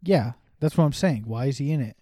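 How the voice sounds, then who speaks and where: A man's voice: mid-range voice, animated, brisk, mellow, no echo. A young man co-hosting a casual podcast, teasing and crude, laughing often. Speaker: podcast co-host. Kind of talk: casual chat.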